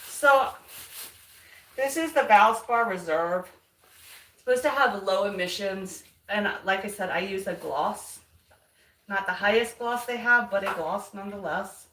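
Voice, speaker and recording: A woman chatting casually while painting her house, now and then talking to her dog in a high voice. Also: unhurried, sharp tone. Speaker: home vlogger. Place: house hallway, indoors. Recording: roomy, far from the mic.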